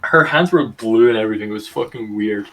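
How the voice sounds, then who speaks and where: A man's voice: lowish voice, a little fast, a bit bright, a little hiss or hum. A young British man hosting a podcast, chatting casually over a voice call, rambling, swearing and laughing easily. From Britain. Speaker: podcast host.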